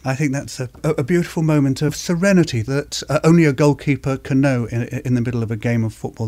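A man talking reflectively in an interview, pausing often with fillers as he thinks aloud. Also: medium pitch, steady tone, a little mellow. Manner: thoughtful, halting with many fillers. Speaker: author interviewed about goalkeeping.

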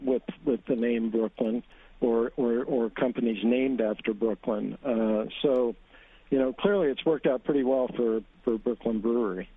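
A man speaking as a guest in a radio panel conversation, halting and repeating words as he starts. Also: medium pitch, dry recording. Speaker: in-studio guest. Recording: dry, husky, phone-like radio sound.

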